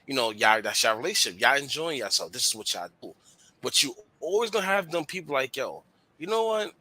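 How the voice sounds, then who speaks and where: A man's voice: medium pitch, quick pace, no echo. A man co-hosting a radio talk show, talking candidly in slangy casual chat. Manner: candid, slangy, animated storytelling.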